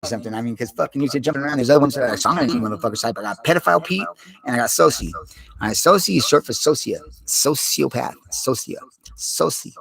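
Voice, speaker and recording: A man's voice: mid-range voice, quick pace, vocal fry, a bit bright. A man talking straight to the camera in a rambling personal monologue, intense and heavy on profanity, with many restarts.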